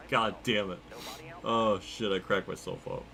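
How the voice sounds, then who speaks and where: A man's voice: fairly low pitch, vocal fry, sharp tone. A man streaming a racing game, chatting loosely and rambling, often laughing at his own jokes. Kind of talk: casual live-stream commentary.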